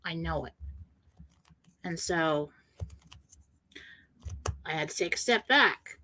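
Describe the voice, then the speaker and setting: A woman's voice: deep voice, animated, slow, bright, forceful tone, a little hiss or hum, low-quality recording. A woman hosting a spiritual radio talk show, telling a personal story with emotion and acting out the voices of the people in it.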